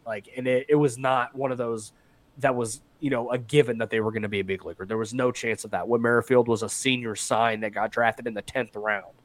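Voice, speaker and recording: A man's voice: mid-range voice, fairly bright tone. Casual man hosting a sports podcast. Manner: conversational, trails into restarts. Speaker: podcast host.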